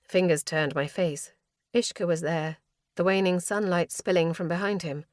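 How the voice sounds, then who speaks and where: A woman's voice: fairly low pitch, fairly even intonation, normal speed, dry recording, studio quality. A woman reading a first-person fantasy audiobook with a tense, dramatic delivery. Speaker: audiobook narrator.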